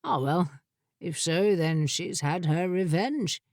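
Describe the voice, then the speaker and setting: A woman's voice: lowish voice, animated, slow pace, a little mellow, no echo, studio quality. A woman voicing a sheepish, dutiful young male prince in an audiobook. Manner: sheepish, mild.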